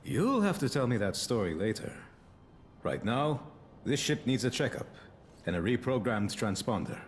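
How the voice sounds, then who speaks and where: An actor playing a calm, wry and philosophical spacer in a video game. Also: male voice, medium pitch, normal speed, slight background noise, close to an everyday voice. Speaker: game character.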